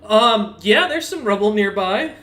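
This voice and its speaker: A male dungeon master narrating a tabletop game in a relaxed, chatty way, full of fillers and laughter. His voice sits a bit high and sounds bright and forceful. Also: a little slow. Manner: casual, laughing often, many fillers.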